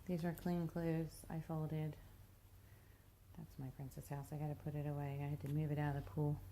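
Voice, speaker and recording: A woman's voice: low-pitched, little pitch movement, normal speed, warm tone, a little hiss or hum. A mother giving a casual, rambling walking tour of her messy house, sounding tired and plain-spoken. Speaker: mother vlogging a home tour. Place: house, indoors and around the yard.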